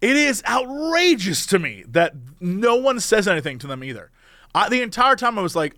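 A man on a podcast with a high, very lively voice that jumps around as he tells stories. He keeps lapsing into quick impressions of other people. The sound is dry and close to the mic. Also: dry recording. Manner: animated storyteller who slips into voices. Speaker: podcast co-host. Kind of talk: casual chat.

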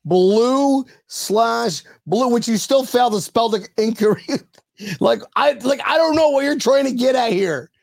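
A man hosting a casual sports podcast stream, loud and crude, laughing often as he jokes with his co-host. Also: very high voice, lively intonation, unhurried, creaky, no room sound, clean studio sound. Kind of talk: casual banter livestream.

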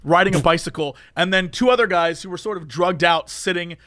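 A young man telling a story in casual podcast chat, lively and acting out quotes in voices. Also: high voice, brisk, dry recording, studio quality. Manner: animated, acts out quotes in voices.

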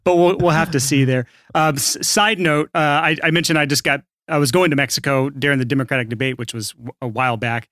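A man from Alabama co-hosting a podcast, chatting casually with quick teasing interjections. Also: medium pitch, fairly even intonation, a bit bright, dry recording. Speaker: podcast co-host. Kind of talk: casual chat.

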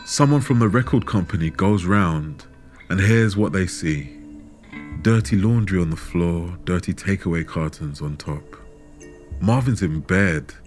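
A man telling a true story in measured, dramatic scripted narration, with rhetorical questions. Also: low voice. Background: background music.

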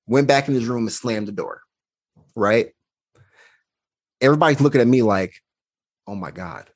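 A man's voice: mid-range voice, normal speed. A man, a podcast guest, telling a personal story in an earnest, reflective way, acting out the quoted dialogue.

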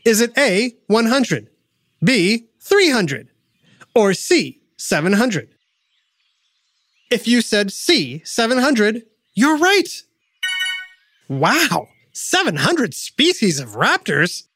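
A woman's voice: on the high side, very animated, slow, long pauses, a bit bright, a little hiss or hum. A woman hosting and narrating a kids' science show, playfully quizzing the listener. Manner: playful, addresses the listener with quiz questions. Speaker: narrator and host. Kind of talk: scripted educational narration for kids.

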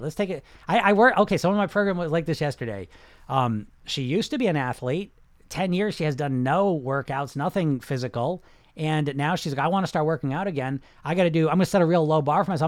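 A man's voice: a little high, no echo, clean studio sound. A middle-aged man, a weight-loss coach hosting a casual live question-and-answer talk, rambling with many restarts in an emphatic, salesy way.

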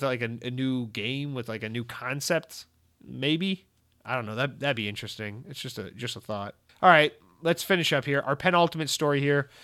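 A man's voice: a little high, fairly bright tone. A man hosting a gaming news show, ranting in casual talk, swearing often and acting out both sides of imagined exchanges in a close, dry recording. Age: adult. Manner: profane, exasperated, acts out quoted exchanges.

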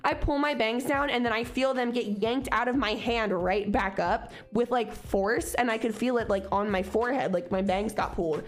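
A woman co-hosting a podcast, telling a story in a casual, animated, profane way. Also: a little high, normal speed, few pauses. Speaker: podcast co-host.

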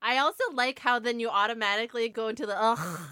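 A woman co-hosting a podcast, chatty and quick to laugh in casual conversation. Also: fairly high pitch, bright, forceful tone, clear, resonant tone, no echo. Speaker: podcast co-host.

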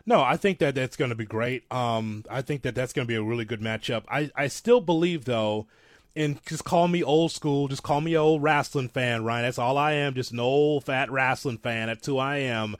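A man co-hosting a casual wrestling talk show, rambling and self-deprecating, with animated asides. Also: mid-range voice, moderate pace, no room sound, clean studio sound. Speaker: podcast co-host.

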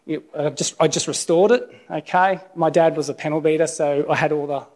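A man's voice: a little high, fairly even intonation, fairly quick, darkish tone. Middle-aged male preacher, slightly raised voice, casual testimony sermon, checks in with "okay?". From Australia. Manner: conversational, tags lines with "okay?". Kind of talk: informal sermon with personal testimony.

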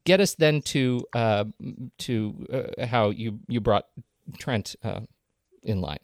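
A man's voice: on the low side, takes it slowly, dry recording, studio quality. A man hosting a podcast interview, playful and laughing, steering the conversation along. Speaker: podcast host. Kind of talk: casual interview.

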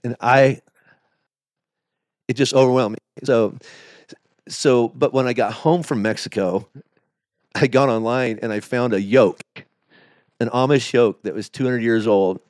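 Middle-aged pastor guy opening up on a podcast, halting and emotional, mid voice, no echo. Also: mid-range voice, darkish tone. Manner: emotional, confessional, halting at hard moments. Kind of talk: candid personal storytelling.

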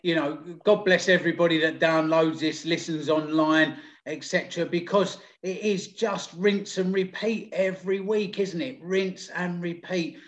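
A man's voice: a little high, steady tone, normal speed, few pauses, roomy sound. A man hosting a casual football podcast, chatting loosely with lots of fillers. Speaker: podcast host.

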